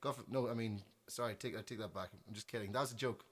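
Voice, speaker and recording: A man's voice: lowish voice, fast. A young man from Northern Ireland with a Northern Irish accent telling a funny, self-deprecating story to his livestream viewers. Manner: self-deprecating, animated, trails off and restarts. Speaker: musician on livestream. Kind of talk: casual storytelling.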